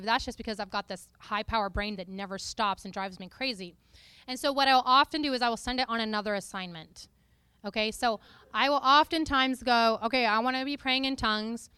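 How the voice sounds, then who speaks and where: A woman preacher giving a lively, playful teaching talk to a congregation, often breaking into sung and spoken snippets. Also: fairly high pitch, normal speed, clear, resonant tone, no echo.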